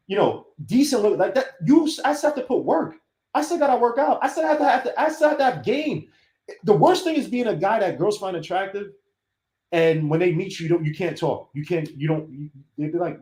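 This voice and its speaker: A man's voice: high-pitched, very animated, a little fast, darkish tone. A man on a casual podcast, telling stories with animation and acting out the voices of people he quotes. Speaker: podcast host. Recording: roomy echo.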